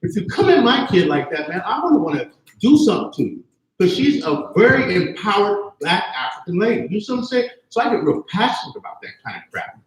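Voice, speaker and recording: A man's voice: sits high, big pitch swings, a little fast. A man in his fifties, speaking from the audience at a campus panel. He talks with passion, swears freely and keeps asking whether he is understood. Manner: passionate, profane, keeps asking "you see what I'm saying". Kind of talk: impassioned spoken comment. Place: campus event hall. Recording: very echoey live room.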